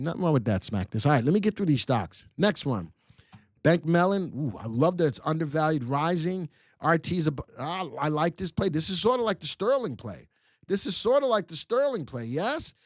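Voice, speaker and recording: A middle-aged man hosts a live stock analysis stream, talking straight to his viewers in an energetic, coaching way. His voice sits a little high for a man. The sound is dry and close, with no room echo. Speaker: stock market strategist hosting a live show.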